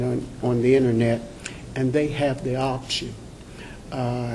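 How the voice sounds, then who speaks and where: A man speaking hesitantly on a panel as a township official, pausing often with fillers. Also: mid-range voice, gravelly, darkish tone, a little hiss or hum. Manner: slow, hesitant, many fillers. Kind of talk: panel discussion.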